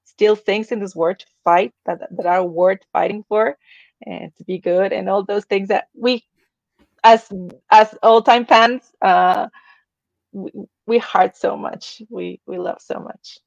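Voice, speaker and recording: A woman at a middle pitch with a gravelly, fry-tinged voice, talking emotionally as a podcast co-host. She stumbles and repeats herself. The sound is dull, lo-fi and dry. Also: fairly even intonation, no room sound. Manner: emotional, halting, repeats words. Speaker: guest co-host. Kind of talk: casual podcast chat.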